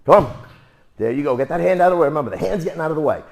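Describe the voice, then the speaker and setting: A man's voice: a little high, lively intonation, very fast, creaky, a little mellow. A man teaching martial arts. He coaches students through drills with repeated, emphatic cues and counts out the moves.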